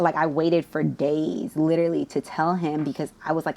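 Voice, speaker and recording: Woman host, young, New Jersey-raised, low-ish voice, chatty storyteller with lots of fillers. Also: moderate pace, few pauses. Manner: animated storyteller, slangy, many "like" fillers. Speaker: podcast host. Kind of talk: casual chat.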